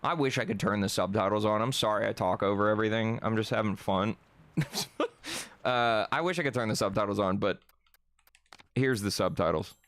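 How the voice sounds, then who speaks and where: Low-voiced, swearing game streamer man. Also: a little fast, a bit bright, no echo. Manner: chatty, swearing, joking. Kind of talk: casual gameplay commentary.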